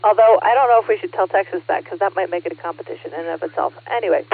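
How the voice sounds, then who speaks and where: A woman running a ham radio net as net control, chatty and quick to laugh. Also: fairly low pitch, husky. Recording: narrow ham radio transmission.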